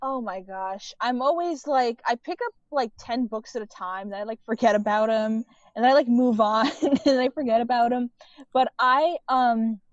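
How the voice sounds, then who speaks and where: A woman's voice: a little high, normal speed, dry recording. A woman chatting casually as a podcast guest, full of "like" fillers. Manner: chatty, many "like" fillers, laughs often. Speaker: guest writer and filmmaker. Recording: dull muffled audio, dry.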